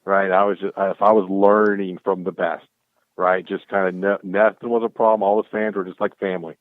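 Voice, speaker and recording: A man guest chatting casually, telling stories in an excitable way and acting out the back-and-forth. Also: sits low, fairly quick, no room sound. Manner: excitable, acts out quoted exchanges. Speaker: guest, clothing brand founder. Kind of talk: casual storytelling chat. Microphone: call audio. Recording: tinny phone-like call line.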